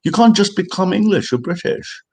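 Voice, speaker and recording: A man's voice: sits high, animated, brisk, creaky. Ranting, sarcastic man host. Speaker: stream host reacting to a clip. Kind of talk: angry reaction commentary.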